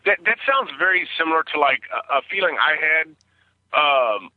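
A man's voice: on the high side, animated, moderate pace, no echo, narrow, tinny audio. A man calling in to a radio show from his truck, chatty and polite, with a lot of hesitation. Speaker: caller. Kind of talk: phone call-in chat. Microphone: phone.

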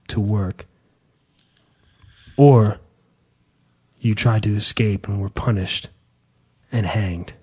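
A man imitating a somber museum audio guide in a low, hushed, grave delivery. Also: husky. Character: somber male museum audio-tour narrator.

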